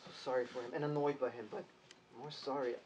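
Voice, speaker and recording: An actor playing a lovesick young officer under thirty, speaking earnestly and pleadingly. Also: male voice, medium pitch, steady tone, quick pace, lightly acted. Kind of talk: stage drama acting. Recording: distant mic with noise.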